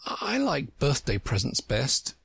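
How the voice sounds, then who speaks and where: A man reading a storybook aloud, voicing a polite, curious young girl with a raised, girlish pitch. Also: huge pitch swings, slow pace, vocal fry, fairly bright tone, husky, no room sound, clean studio sound, heavily acted.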